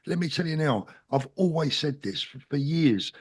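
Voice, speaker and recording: A man's voice: fairly high pitch, expressive, moderate pace, breathy edge. A middle-aged man with a South London accent, a guest talking in an interview in an earnest, plain-spoken and emphatic way. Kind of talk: casual interview talk.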